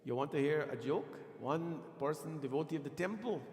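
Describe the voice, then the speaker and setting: A man's voice: a little high, lively intonation, moderate pace, a little mellow. A man speaking as a pandit, teaching a sermon and coaching Sanskrit pronunciation while teasing his congregation. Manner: playful, quizzes and teases the congregation. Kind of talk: temple sermon with teaching and chanting. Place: temple hall. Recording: echoey hall with music behind.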